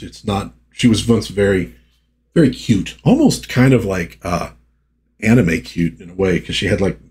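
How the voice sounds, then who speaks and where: A man's voice: lowish voice, darkish tone, husky. A man casually reviewing an old comic book and reading its panels aloud, chatty and full of asides and fillers.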